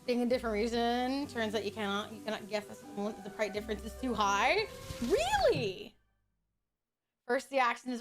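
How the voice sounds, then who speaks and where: A high-voiced woman talks to her viewers while she plays, her pitch bouncing all over the place. She is playful, teasing and foul-mouthed, with game music clearly playing behind her. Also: sing-song, normal speed. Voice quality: swears a lot, playful and teasing. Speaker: streamer. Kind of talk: casual gameplay stream chat.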